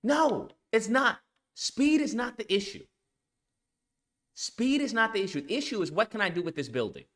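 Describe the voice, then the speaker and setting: Emphatic, bright-voiced man ranting. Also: high voice, big pitch swings, normal speed, pauses often. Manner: emphatic, repetitive, swears often. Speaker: streamer and show host. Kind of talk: casual live-stream rant.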